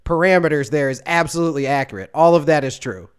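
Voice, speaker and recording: Smooth-voiced man deadpanning on a podcast. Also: a little high, animated, fast. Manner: dry, mock-serious, laughing. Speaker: podcast co-host. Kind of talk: casual comedic podcast banter.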